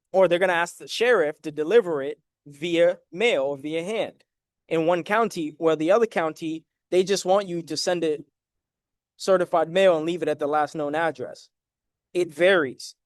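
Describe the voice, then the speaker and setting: A man's voice: a little high, normal speed, dry recording, studio quality. A man giving a casual, emphatic lesson on debt collection letters, walking through documents and checking in with viewers. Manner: direct, emphatic, addresses viewers as guys with frequent "right?". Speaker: credit and debt educator. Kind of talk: casual explanatory talk over documents.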